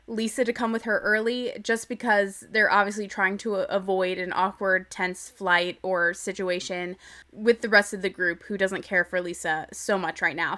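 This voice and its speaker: A young woman hosts a casual recap podcast with a bright, forward voice that sits a little high. She talks in a chatty, opinionated way, with playful bursts of drama. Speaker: podcast host.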